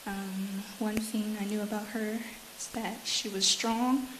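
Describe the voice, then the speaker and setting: A woman's voice: mid-range voice, fairly even intonation, measured pace, roomy sound, noisy background. A woman giving a short prepared funeral speech for her grandmother, speaking hesitantly. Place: church hall.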